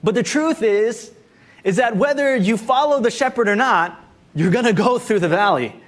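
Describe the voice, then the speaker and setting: Pastor, male, fairly high voice, relaxed chatty sermon delivery peppered with fillers. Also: normal speed. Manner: conversational preaching with frequent "you know" and "like".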